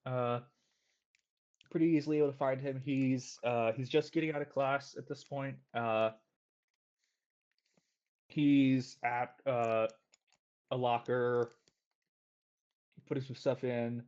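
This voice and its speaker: Man game master narrator, casual, mid pitch, dull lo-fi sound. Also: steady tone, slow, long pauses, darkish tone. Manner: filler-heavy, casual. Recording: dull lo-fi audio.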